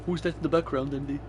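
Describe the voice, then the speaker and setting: Against a noisy background, a young man with a voice on the high side chats casually while gaming. His storytelling is profane, full of swearing, and he laughs frequently.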